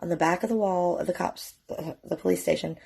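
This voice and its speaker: A woman's voice: fairly low pitch, fairly even intonation, a little fast, vocal fry, darkish tone, husky. A middle-aged woman, telling a personal story to camera in a candid, emotional, profane way. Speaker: mother telling her story.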